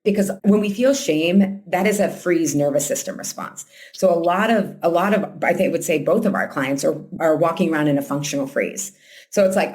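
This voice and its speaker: A woman host and coach talking casually, acting out quoted voices and filling her talk with "like" and "right?". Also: fairly quick. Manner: animated, acts out quoted voices with big pitch jumps; frequent "like" and "right?" fillers. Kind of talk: casual conversational teaching.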